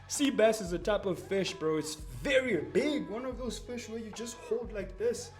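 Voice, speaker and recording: A young man explaining rap lyrics in a casual, slangy, excitable way, breaking off from quoted lines to unpack them. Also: sits high, moderate pace, soft background music. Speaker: music commentator.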